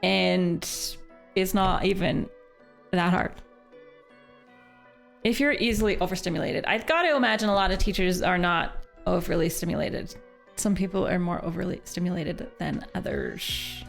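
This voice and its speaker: A woman's voice: fairly low pitch, moderate pace, vocal fry. A young woman from Canada, a livestreamer and parent, chatting casually with her chat in a rambling way, full of fillers and restarts. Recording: faint music behind voice.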